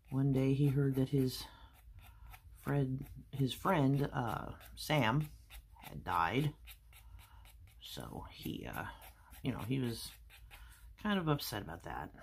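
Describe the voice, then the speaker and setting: A woman's voice: a bass voice, gravelly, slightly rough. A woman art vlogger chatting casually and rambling through a story while she draws. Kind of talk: casual chat while drawing.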